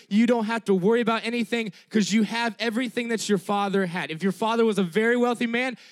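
A man preaches an animated, emphatic sermon, repeating key phrases and adding "all right?" after many of his sentences. His voice sits high.

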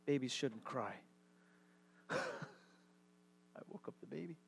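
A man preaching a live sermon to a church congregation as pastor, in a conversational style with halting, repeated words. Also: fairly high pitch, sing-song, creaky.

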